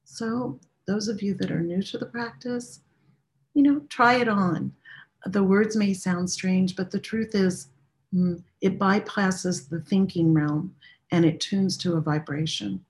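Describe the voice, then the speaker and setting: A woman leading a guided chanting and prayer practice. She speaks gently and without hurry, and talks plainly and candidly to her listeners. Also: medium pitch. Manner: gentle, unhurried, intimate. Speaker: meditation and prayer teacher.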